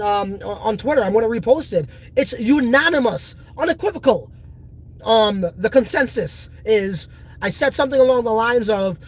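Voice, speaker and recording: A man hosting a casual crypto livestream, reading viewer comments in a boastful, profane, rambling way. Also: high-pitched.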